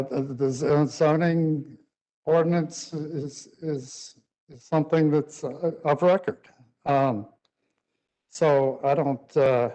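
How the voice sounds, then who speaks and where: Man, applicant at a hearing, slow, mellow tone, halting with fillers. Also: a little high, dull audio. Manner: hesitant, full of fillers. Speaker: development applicant. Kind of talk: responding at a public hearing.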